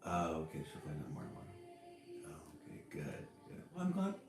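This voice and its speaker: A man's voice: very deep voice, wildly swooping pitch, fairly quick, creaky. A man hosting a casual livestream, greeting viewers by name in a cheery voice that jumps up when he says hello. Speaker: livestream host. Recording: roomy echo with faint music behind.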